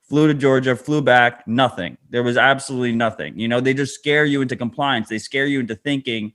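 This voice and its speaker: A man's voice: medium pitch, steady tone, brisk, fairly bright tone. A man co-hosting a podcast in casual chat, wry and matter-of-fact with casual swearing. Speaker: podcast co-host.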